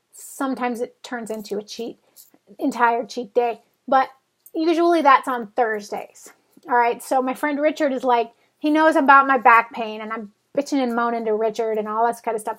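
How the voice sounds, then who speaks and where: Chatty high-voiced woman vlogger. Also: a bit bright. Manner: chatty, rambling, self-mocking. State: back pain. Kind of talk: casual storytelling vlog.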